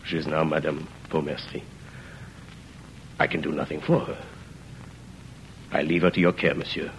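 A remorseful ex-convict in an old radio play, his voice very deep and gravelly. He speaks gravely and haltingly, keeping low, with a faint hiss behind him. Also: level tone, rough recording. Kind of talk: 1930s radio drama acting.

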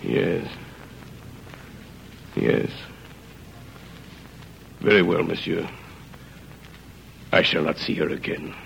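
A remorseful ex-convict in an old radio play, his voice very deep and gravelly. He speaks gravely and haltingly, keeping low, with a faint hiss behind him. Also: flat delivery, muffled recording, heavily acted. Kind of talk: 1930s radio drama acting.

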